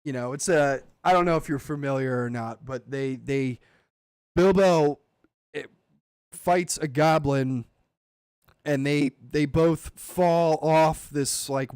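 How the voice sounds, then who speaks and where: A man hosting a casual podcast chat, animated and swearing, acting out movie lines as he goes. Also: mid-range voice, clear, resonant tone, no room sound, clean studio sound. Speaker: podcast host.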